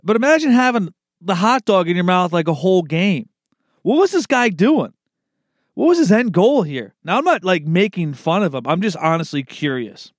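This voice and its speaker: Laid-back cursing guy, slightly high voice. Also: big pitch swings, moderate pace, no echo, clean studio sound. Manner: laid-back, swears freely, says "man" and "dude" a lot; chuckles at his own slips. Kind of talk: casual rambling monologue.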